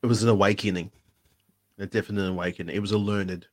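Low-voiced rambling male co-host. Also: fairly even intonation, fast talker. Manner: rambling, with frequent restarts and fillers. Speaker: podcast co-host. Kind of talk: casual live-stream chat.

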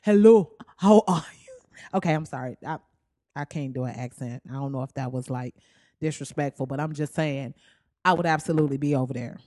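This solo comedy podcast host talks fairly quickly, crude and blunt, repeatedly leaping into high-pitched, animated outbursts. The recording is dry, close to the mic, with no room sound at all.

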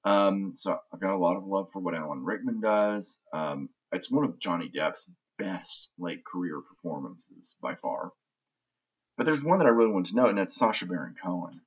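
A man with a deep, husky voice hosts a laid-back movie podcast. He rambles with eager opinions and often restarts his sentences mid-thought. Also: expressive, normal speed, rough recording. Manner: opinionated and enthusiastic, frequent restarts. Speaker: podcast host. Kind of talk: casual podcast movie chat.

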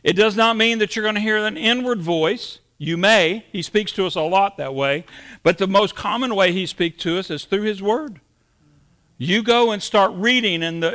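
A middle-aged man delivering a sermon in a high, ringing voice. His tone is bright and forward. He tells homespun stories and acts out the lines of the people in them. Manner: storytelling with acted-out quotes, folksy. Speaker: pastor.

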